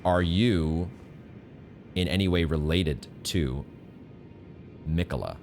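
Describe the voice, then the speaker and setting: A man's voice: low voice, takes it slowly, darkish tone. A man streaming a blind playthrough of a video game, chatting and musing aloud in a playful way. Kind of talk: live gameplay commentary. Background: game music.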